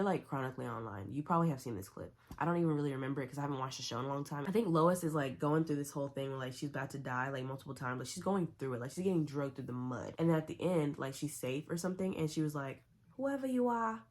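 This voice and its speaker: A young woman chats about her reading. Her voice sits low for a woman. She talks in a loose, opinionated way, with plenty of "like" and quick asides. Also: darkish tone. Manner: chatty, opinionated, lots of "like". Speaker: book vlogger. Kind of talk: casual reading vlog.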